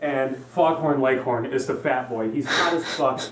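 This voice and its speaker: A man's voice: medium pitch, normal speed, recorded from a distance. Young guy ranting crude jokes, keeps saying listen, echoey room, off mic. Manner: profane, rambling, repeats "listen". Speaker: comedy vlogger. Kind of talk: crude comedic rant.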